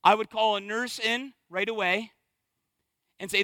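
A man's voice: high-pitched, steady tone, unhurried, sharp tone, no room sound. A man in his thirties, a pastor preaching a sermon in church, emphatic and repeating phrases to drive points home.

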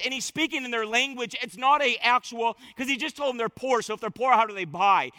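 A male pastor preaching a sermon, repeating words for stress and moving from loud bursts to hushed asides. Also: extremely high pitch, a little fast, dry recording, clean studio sound.

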